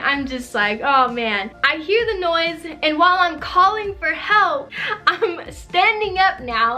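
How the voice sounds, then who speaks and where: Bright, high-voiced young woman vlogger. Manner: animated, laughs often while telling the story. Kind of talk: storytime vlog.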